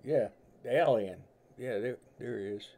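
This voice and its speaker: A man's voice: medium pitch, normal speed, dark tone. Folksy man with a New York–Southern mix. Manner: rambling, folksy, easygoing. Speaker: tarot reader and stream host. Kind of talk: casual livestream chat with viewers. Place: at home, livestreaming by candlelight.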